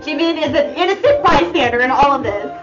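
An excitable young woman with a high voice reacts out loud, swearing, gasping and exclaiming as she goes. The audio sounds a little muffled, and music plays loudly behind her. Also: a little fast. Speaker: video reactor. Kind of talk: reaction commentary. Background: music video playing.

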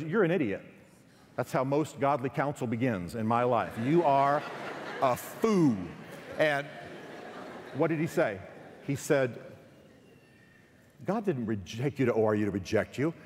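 A man with a Texan accent giving a chapel sermon, telling stories with quick asides and restarts. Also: mid-range voice, expressive, slight background noise. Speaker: guest speaker. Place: large hall. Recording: long hall reverb.

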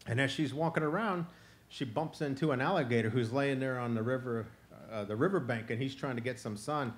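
A man from Florida telling a traditional animal tale live to an audience, conversational and animated, breaking into chanted song. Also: medium pitch, a little fast. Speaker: storyteller. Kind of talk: live oral folk storytelling.

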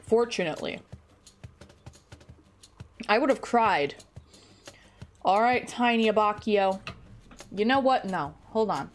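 A woman's voice: medium pitch, animated, takes it slowly, long pauses, soft background music. A woman streamer chatting casually and rambling in a joking, self-deprecating way, close to her microphone at home. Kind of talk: casual gaming stream chat. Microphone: close desk microphone.

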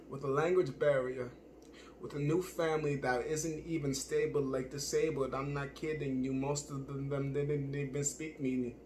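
A man's voice: medium pitch, a little hiss or hum. A man delivering an improvised spoken-word monologue, rambling and self-searching, with frequent swearing.

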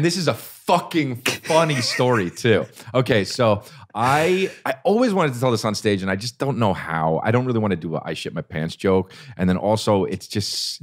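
A young man hosting a podcast, telling a story in casual chat, swearing and rambling with restarts and high-pitched quoted voices. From New Jersey. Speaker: podcast host.

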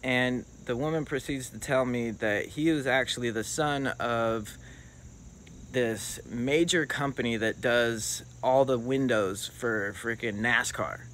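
A young man spins a personal story in a loose, rambling way, swearing freely as he goes. His voice sits at an ordinary middle pitch. He sounds like he is talking straight to the camera in a casual storytime. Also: slow pace, slight background noise. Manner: loose, profane, animated retelling.

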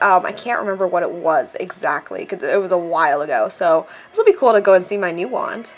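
A woman casually commenting while playing a mobile game, chatty and excitable, reading the on-screen text aloud. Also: medium pitch. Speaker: gameplay vlogger. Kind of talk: casual let's-play commentary.

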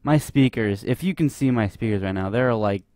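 A man's voice: fairly low pitch, animated, a little fast, darkish tone, dry recording, clean studio sound. A young man giving nervous, rambling commentary while playing a horror game, full of fillers. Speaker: gameplay commentator. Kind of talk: let's play commentary.

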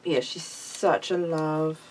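A woman's voice: deep voice, steady tone, takes it slowly, darkish tone, slight background noise. An older woman chatting casually to camera as a craft vlogger at her table at home, rambling and giggling easily.

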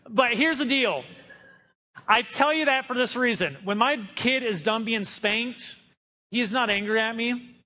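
A man's voice: very high voice, lively intonation, a little slow, pushed and bright. A man in his thirties preaching a sermon in a conversational way, acting out quotes from his kids. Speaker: pastor. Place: church auditorium.

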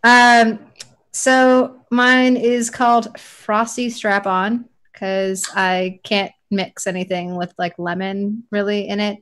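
A woman's voice: medium pitch, fairly bright tone. A woman co-hosting a casual mixing chat, rambling with many fillers and restarts. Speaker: e-liquid mixing podcast co-host.

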